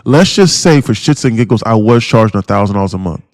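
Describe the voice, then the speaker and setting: A man's voice: lowish voice, animated, fast talker, no echo. Blunt, profane man ranting on a live stream. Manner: blunt, profane, repetitive and pushy; addresses viewers as guys and bro. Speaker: day-trading streamer and mentor.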